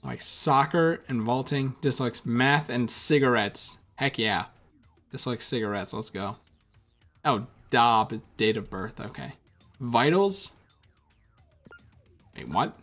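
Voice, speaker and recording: A man's voice: medium pitch, a bit bright. A man doing casual gameplay commentary, reading menu text aloud with wry asides. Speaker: let's play gamer.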